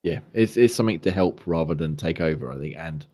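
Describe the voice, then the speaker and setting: A man hosting a laid-back gaming podcast. He rambles and swears casually as he talks. His voice is very deep. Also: brisk, warm tone. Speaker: podcast host. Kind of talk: casual chat.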